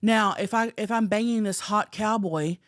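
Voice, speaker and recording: A woman co-hosts a casual comedy podcast, spinning raunchy tales with lively stumbles and restarts. Her voice sits mid-range and sounds close and dry. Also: medium pitch, normal speed, no echo. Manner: bawdy, animated storytelling with stammered restarts. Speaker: podcast co-host.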